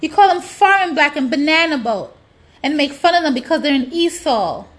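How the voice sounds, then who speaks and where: A woman's voice: high voice, expressive, moderate pace. A woman delivering a blunt, profane ranting monologue, hammering points with repetition. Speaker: social media commentator.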